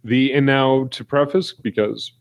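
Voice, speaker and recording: A man's voice: mid-range voice, unhurried, gravelly, no room sound. A man co-hosting a casual podcast, telling a long anecdote and acting out quotes as he goes. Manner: animated storyteller, acts out quotes. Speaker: podcast co-host. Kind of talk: casual chat.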